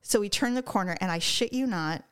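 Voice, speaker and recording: A middle-aged woman from California tells a story in relaxed conversation. Her voice sits at an ordinary middle pitch, and she swears freely as she talks. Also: a little fast, clear, resonant tone. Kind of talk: casual chat.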